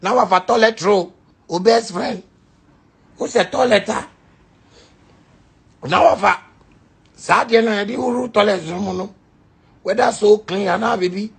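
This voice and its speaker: A man's voice: high voice, unhurried, vocal fry, pauses often, husky. A man with a Ghanaian accent, ranting and mocking a critic in a video, mixing Pidgin with Twi phrases in sing-song jeers. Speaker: musician answering a critic. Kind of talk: ranting social media video.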